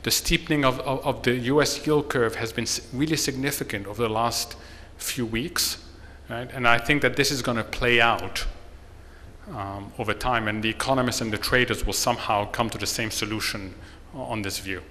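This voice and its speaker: Man lecturing in a bright voice. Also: mid-range voice, a little hiss or hum. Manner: measured, explanatory, tells a joke. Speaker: seminar speaker on the economy. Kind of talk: seminar talk. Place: conference hall. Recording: long hall reverb.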